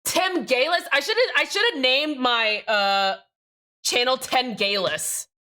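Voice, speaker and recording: A young woman streaming live, talking to her chat in a loud, excitable way that jumps from joke to joke. Her voice sits a little high and has a sharp, forceful edge. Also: takes it slowly. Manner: excitable, loud and rambling, jokey.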